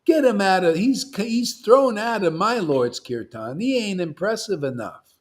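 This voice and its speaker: Man, spiritual teacher, informal devotional sermon, rambling, emphatic, fairly high voice. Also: very animated, measured pace. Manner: rambling, emphatic, acts out imagined listeners.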